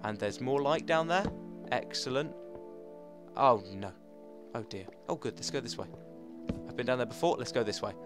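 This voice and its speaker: A young man talks through his game in a loose, rambling way, coaxing animals and muttering to himself. His voice is mid-pitched and jumps up in sudden excited shouts. Game music plays clearly under his voice. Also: moderate pace, pauses often. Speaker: gaming channel host. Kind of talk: casual let's play commentary.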